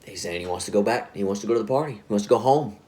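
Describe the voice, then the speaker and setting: A man's voice: on the low side, racing, dark tone. A man telling a spooky story in a casual, rambling way, often correcting himself. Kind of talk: spoken scary story narration.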